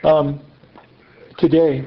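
A man interviewing someone in their home, asking brisk, prompting questions. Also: on the high side, level tone. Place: front room of the interviewee's home. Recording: muffled recording with faint noise.

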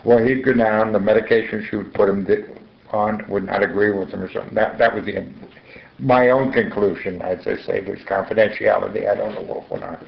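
An older man with a low, gravelly voice speaks in halting bursts, circling back over his own words. The recording is muffled and echoey, as if captured in a bare living room. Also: fairly even intonation. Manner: halting, repeats words, trails off. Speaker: interviewee. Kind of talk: recorded interview at home. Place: front room of his home.

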